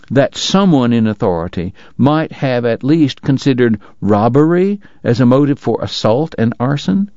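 A man doing a drawling Southern gentleman dentist. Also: medium pitch, no room sound, muffled recording, close to an everyday voice. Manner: formal, long-winded, drawling. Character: genteel Southern dentist gambler, formal, touchy.

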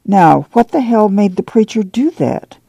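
Man doing a gruff farm father, blunt, drawl, gravelly. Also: high-pitched, expressive, unhurried, warm tone, dry recording, voice pushed up, full character voice.

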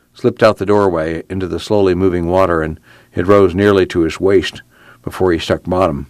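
Seorang pria membacakan narasi buku audio dengan tenang dan mantap. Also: male voice, sits low, dry recording. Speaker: audiobook narrator. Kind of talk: scripted narration.

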